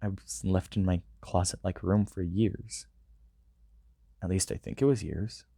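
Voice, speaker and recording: A man's voice: low-pitched, fairly even intonation, a little slow, vocal fry, mellow, husky, no echo, clean studio sound. A man reading a first-person story aloud, earnest and with small stumbles. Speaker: audiobook reader.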